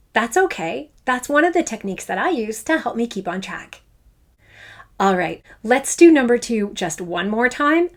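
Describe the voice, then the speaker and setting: Encouraging music teacher, slow and upbeat. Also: female voice, a little high, slight background noise. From Canada. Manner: enthusiastic, encouraging, speaks straight to the learner; draws out and stresses syllables while chanting fruit names. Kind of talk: children's music lesson.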